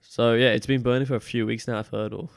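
Gravelly young man, half British half Australian accent. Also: medium pitch, quick pace, dry recording, clean studio sound. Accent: mix of British and Australian. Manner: relaxed, rambling, many fillers. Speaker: podcast guest. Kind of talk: casual chat.

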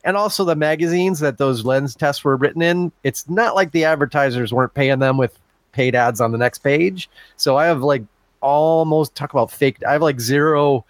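A man's voice: a little high, moderate pace, no echo. Chatty male podcast co-host. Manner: chatty, laughs often, reads comments aloud. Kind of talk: casual podcast chat, reading listener comments.

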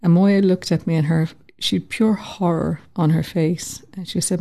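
A woman telling a personal story in an interview, lively and acting out the voices she quotes. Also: fairly low pitch, moderate pace, gravelly. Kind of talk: conversational storytelling.

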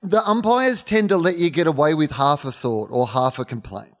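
A man's voice: a little high, moderate pace. Wry Australian man riffing on sport. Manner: wry joker who riffs and laughs. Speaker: podcast co-host. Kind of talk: casual sports chat.

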